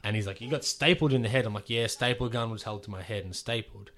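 Fast-talking man telling wrestling stories. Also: on the low side. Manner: animated, swears freely, acts out quotes. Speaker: pro wrestler telling a story. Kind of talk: casual podcast storytelling.

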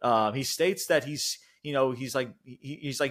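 A young male podcast co-host with a mid-range voice talks at a moderate pace, barely pausing. He retells events animatedly in rambling, casual chat, laughing often and peppering it with fillers and swear words.

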